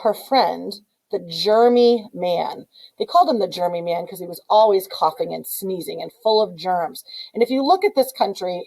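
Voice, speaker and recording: A woman's voice: mid-range voice, creaky, low-quality recording. A middle-aged woman teaching with a playful, punning story, pointing out places on a map as she goes.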